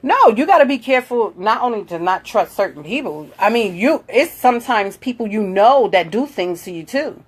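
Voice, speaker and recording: A woman with a medium-pitched, lively voice and a breathy edge talks at a moderate pace with hardly any pauses. She's hosting a casual livestream, chatting away, reading out viewer comments and greeting people warmly while coaching her daughter in a motherly way.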